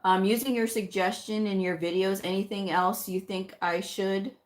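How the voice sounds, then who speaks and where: A woman's voice: mid-range voice, fairly even intonation, moderate pace. A middle-aged woman hosting a live stream, casually chatting and reading out and answering viewer comments. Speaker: livestream host answering viewer questions.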